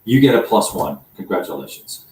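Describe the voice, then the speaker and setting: Low-voiced man working through game rules. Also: very animated, darkish tone, echoey room, poor audio. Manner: thinks aloud through rules, halting with fillers. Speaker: board game player, co-host. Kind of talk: casual chat over a wargame.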